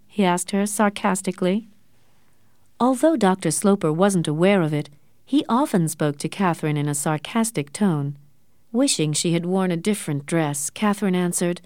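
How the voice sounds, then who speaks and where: A woman narrating a storybook with clear, expressive reading and a lively, varied pitch. The recording is close and dry, with no room sound. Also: normal speed, dry recording. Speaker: audiobook narrator. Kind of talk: scripted narration of a graded reader.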